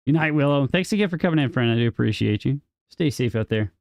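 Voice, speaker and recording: A man's voice: medium pitch, expressive, quick pace, vocal fry, a little mellow, no echo, clean studio sound. A man live-streaming a city-building game, chatting casually and joking with viewers in chat while he plays. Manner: chatty, jokey, talks to chat viewers by name.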